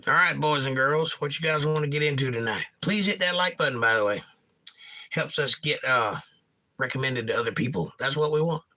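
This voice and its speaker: Man, middle-aged, very bright voice, casual livestream host, reads chat aloud, jokey. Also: mid-range voice, brisk. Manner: jokey, reads viewer comments aloud and riffs on them.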